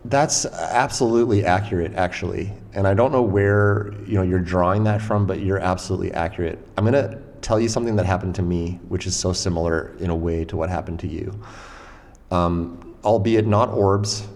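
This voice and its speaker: A man hosting a casual podcast conversation, telling a story in an animated way and swearing freely. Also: low voice, normal speed. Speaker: podcast host and interviewer. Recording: long room reverb.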